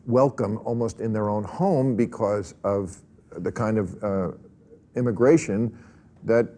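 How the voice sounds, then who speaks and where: A male talk show host chatting casually with a guest, wry and quick with a quip. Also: on the low side, dark tone. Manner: wry, quipping, chuckles often.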